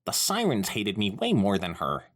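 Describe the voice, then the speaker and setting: A man's voice: lowish voice, wildly swooping pitch, moderate pace, a bit bright, heavily acted. A man voicing an incredulous teenage girl heroine in a fan fiction read-aloud, exasperated and questioning.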